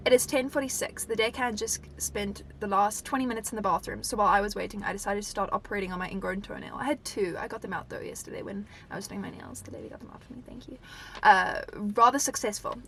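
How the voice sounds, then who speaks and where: A woman's voice: medium pitch, a bit bright, slight background noise. A young woman from Africa, chatting casually and reading diary entries aloud, rambling with lots of "like". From South Africa. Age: young adult. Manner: chatty and rambling, heavy use of "like". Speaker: vlogger.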